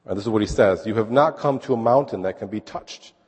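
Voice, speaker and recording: A man's voice: fairly low pitch, fast, a little mellow, slightly rough, in a large hall. A man preaching a sermon, explaining scripture in a conversational way and checking in with his listeners. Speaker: pastor.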